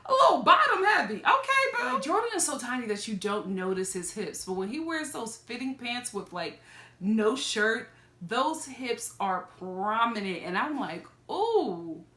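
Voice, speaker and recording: A woman with a high, bright, ringing voice dishes on a reality show with sassy, gossipy energy. She talks casually, laughs often and tosses in cheeky asides. The room around her is echoey. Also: sing-song, normal speed. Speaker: reality TV reaction vlogger.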